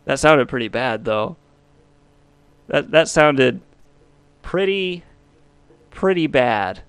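A man's voice: medium pitch, expressive, slow, long pauses, fairly bright tone, clean tone. A man hosting a podcast, talking in a rambling way that swings between jokey bits and heartfelt reflection. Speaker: podcast host. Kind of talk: casual podcast monologue.

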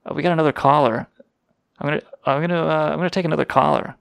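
A man's voice: on the high side, steady tone, racing, vocal fry, no room sound. A man hosting a call-in radio show, ranting and swearing in crude comic banter. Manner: profane, ranting, mock-indignant.

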